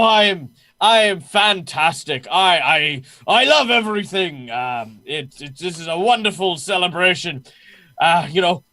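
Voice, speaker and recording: A man's voice: high-pitched, sharp tone, pitched above the performer's own voice, exaggerated voice. A man voicing a cheerful, generous male lord who hosts a feast for the players in a tabletop game. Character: jovial hearty male lord hosting a feast.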